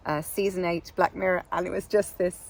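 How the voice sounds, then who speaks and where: A woman's voice: on the low side, flat delivery, fairly quick, gravelly, slight background noise. Laughing Irish woman chatting. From Ireland. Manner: warm, laughs often, trails off and restarts. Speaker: podcast co-host. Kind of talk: casual chat.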